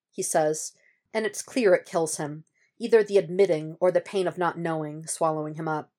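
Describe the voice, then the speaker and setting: Low-voiced woman reading fan fiction aloud. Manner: steady, measured reading. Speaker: podfic reader. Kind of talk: audiobook narration of fan fiction.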